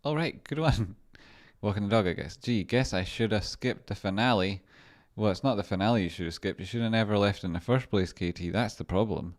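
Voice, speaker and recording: Low-voiced man rambling on stream. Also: a little fast, few pauses. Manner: rambling, chatty, reads out and answers chat. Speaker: livestream host doing stock chart analysis. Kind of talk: casual live-stream chat.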